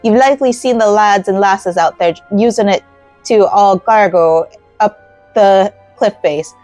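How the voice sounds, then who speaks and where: A woman's voice: medium pitch, unhurried, a little mellow, no echo, soft background music, lightly acted, poor audio. A woman voicing a hearty middle-aged male tavern keeper, reading game dialogue aloud in an uncertain put-on accent.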